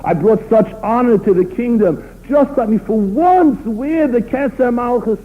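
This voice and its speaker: A man's voice: extremely high pitch, animated, unhurried. A man playing a loyal army general who pleads earnestly with his king. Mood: pleading. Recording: tinny phone-line recording.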